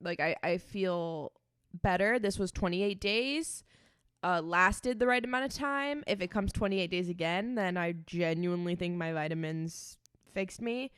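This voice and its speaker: A woman in her twenties co-hosting a casual podcast, telling stories in a chatty, animated way and swearing freely. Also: on the low side, a little slow, clean tone, no echo, studio quality. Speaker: podcast co-host. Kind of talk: casual chat.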